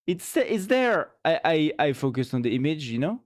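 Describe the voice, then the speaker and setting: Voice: medium pitch, sing-song, moderate pace. A streamer from France, speaking English with a French accent and French as their first language, chatting playfully with viewers late at night while tired. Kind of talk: casual late-night live-stream chat.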